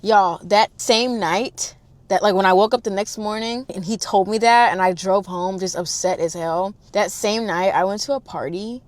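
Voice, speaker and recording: An animated young woman tells a storytime at normal speed on a dry recording. In casual, slangy, profane chat aimed straight at her listeners, she swings between loud exclamations and hushed, low asides.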